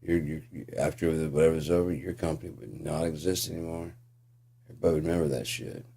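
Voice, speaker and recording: A man's voice: a bass voice, fairly even intonation, quick pace, vocal fry, dark tone, husky. A man ranting in a casual, profane, sarcastic monologue as a channel host.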